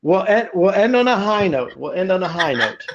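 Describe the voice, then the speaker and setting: Lively male co-host, high voice, joking and rambling, lo-fi recording. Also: a little fast, background noise. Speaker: podcast co-host. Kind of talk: casual chat.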